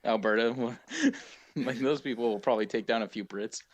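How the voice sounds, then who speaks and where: A man from Canada, chatting in an easygoing way with deadpan jokes during a live tabletop game. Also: medium pitch, normal speed, no room sound.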